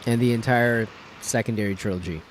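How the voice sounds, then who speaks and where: Podcast co-host, a man with a fairly low voice, sardonic and profane, faint hiss behind. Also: a little fast, rough recording. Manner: wry, profane banter. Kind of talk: casual chat.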